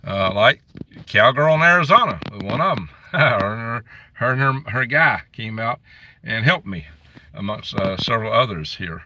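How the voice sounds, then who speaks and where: A man's voice: mid-range voice, animated, normal speed, pushed and bright, far from the mic, slight background noise. A man hosting a casual live stream on his phone, chatting and grumbling as he reads out where viewers are from. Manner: reads out viewer comments and locations.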